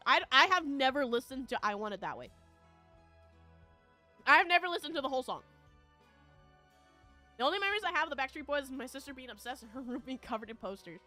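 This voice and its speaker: A talkative VTuber with a high, bright, sharp voice chats casually with her viewers while telling a meandering story. She laughs a lot and fills pauses with "um" and "like," with soft music playing behind her.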